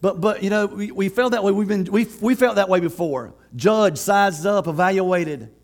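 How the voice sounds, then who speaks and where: A man preaching a sermon as pastor, conversational and lively, laughing often and acting out quotes. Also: high voice, normal speed.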